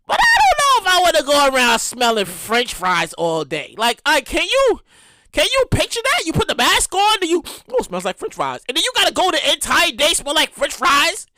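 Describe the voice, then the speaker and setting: A young woman runs her own podcast with a loud, animated delivery, swearing and acting out scenes as she goes. Her voice sits high and bright and jumps all over her range. The sound is dry and close. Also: normal speed, no echo. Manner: animated, loud, swearing, acts out customers and cashiers. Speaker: podcast host. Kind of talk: casual solo podcast commentary.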